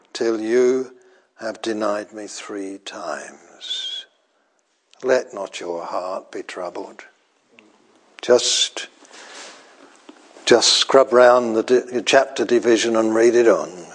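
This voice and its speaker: An older man preaching a sermon in a slow, deliberate way, pausing often and repeating phrases for weight. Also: lowish voice.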